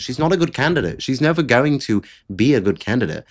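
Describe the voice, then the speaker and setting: A man's voice: medium pitch, expressive, quick pace, few pauses. A man giving blunt, exasperated solo political commentary, with the odd swear word. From Britain.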